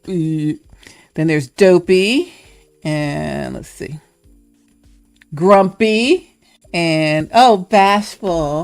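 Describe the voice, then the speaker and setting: A woman with a low, gravelly voice, chatting casually to her livestream audience. She muses in a playful way, slips into quick impressions of characters, and then turns to earnest encouragement. Soft music runs faintly behind her. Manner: playful and musing, drifts into encouragement; acts out little voices of characters. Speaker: live stream host.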